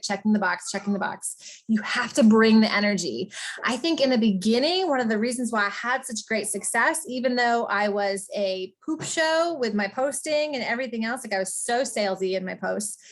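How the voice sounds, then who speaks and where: A woman coaching business owners in a casual, energetic motivational talk, chatty and emphatic. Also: on the high side. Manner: energetic, chatty, often asks "right?".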